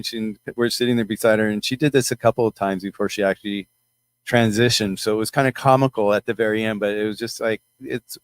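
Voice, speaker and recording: A middle-aged man telling a personal story to his followers in a rambling, halting way, with many restarts. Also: low-pitched, no room sound. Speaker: channel host.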